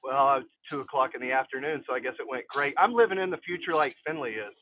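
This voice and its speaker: Deadpan male caller on lo-fi line. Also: medium pitch, quick pace, a little hiss or hum. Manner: dry, deadpan humor. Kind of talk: casual chat. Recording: dull lo-fi call line.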